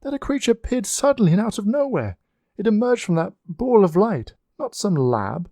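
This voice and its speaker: A man's voice: sits high, very animated, normal speed, warm tone, no echo, pitched above the performer's own voice, exaggerated voice. A man voicing an agitated young woman who speaks urgently and indignantly.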